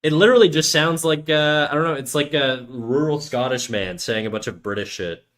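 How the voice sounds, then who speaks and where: Drawing on a live stream, a man from Canada chats casually with crude jokes and lots of swearing. His voice sits on the high side, brisk and a bit bright.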